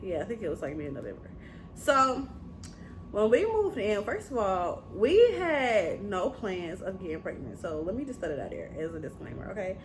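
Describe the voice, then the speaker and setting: A woman's voice: mid-range voice, sing-song, moderate pace, a little hiss or hum. A woman vlogger telling a candid, casual story to her camera, swearing freely.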